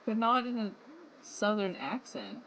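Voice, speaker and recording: A woman's voice: mid-range voice, very animated, a little slow, muffled recording. A young woman game streamer chatting casually with her live chat and laughing often between lines. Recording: noisy room ambience.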